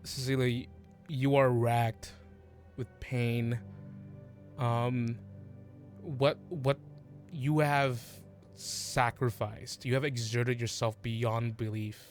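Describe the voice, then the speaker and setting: A man narrating a fantasy tabletop game as game master, halting and full of restarts, with faint music behind. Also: medium pitch, fairly even intonation. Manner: halting, restarts, many fillers.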